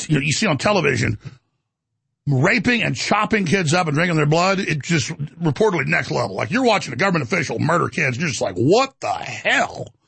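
Male talk host, gravelly and husky, fairly high, rambling rant, dry studio sound. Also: no echo. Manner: rambling, animated, indignant. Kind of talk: ranting monologue.

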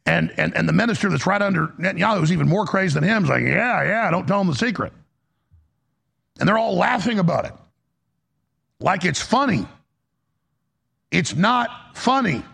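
Creaky, husky man ranting on politics. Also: high-pitched, expressive, fairly quick, pauses often, a bit bright. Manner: heated, emphatic, frequent restarts. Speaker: political commentary host. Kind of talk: political commentary rant.

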